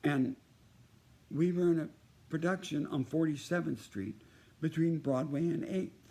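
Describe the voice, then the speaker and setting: Gravelly older man spinning a rambling yarn. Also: fairly high pitch, measured pace, mellow. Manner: rambling, jumps from story to story. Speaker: performer sending a birthday message. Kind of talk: casual anecdote told to one listener.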